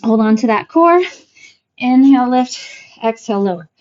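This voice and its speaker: A woman fitness instructor calmly cueing moves and counting reps through a workout class. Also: fairly high pitch, normal speed, lo-fi sound. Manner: calm, encouraging cues and counting reps.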